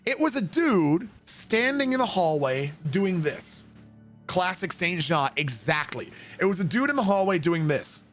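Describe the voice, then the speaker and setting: A man streaming a game, telling a long rambling story in a casual, profane, animated way. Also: high-pitched, a little slow, soft background music.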